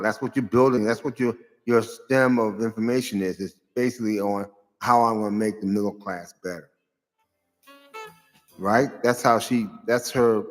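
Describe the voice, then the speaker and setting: A low-voiced man talks through a loose, rambling commentary, hunting for words and then flaring into loud, sarcastic outbursts. His voice rings in a long reverb, and faint music plays underneath. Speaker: show host. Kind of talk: casual political commentary monologue.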